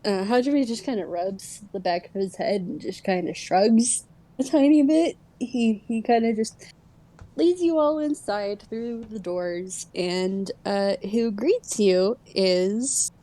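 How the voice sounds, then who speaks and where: A woman's voice: medium pitch, slow pace, warm tone. A woman narrating as game master of a tabletop role-playing game, hesitant and full of filler sounds.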